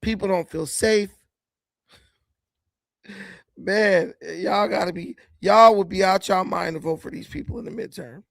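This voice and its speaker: A man's voice: high-pitched, unhurried, creaky, long pauses, a bit bright, no room sound. A man hosting casual political commentary, mocking and laughing, with slangy speech and repeated words. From United States.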